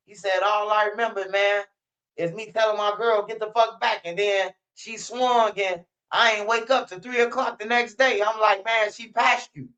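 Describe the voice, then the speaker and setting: High-pitched and sharp, this man keeps a steady tone at normal speed. He's a Chicago commentary host doing casual street-news talk, using slang and acting out quotes, and the lo-fi recording sounds dull.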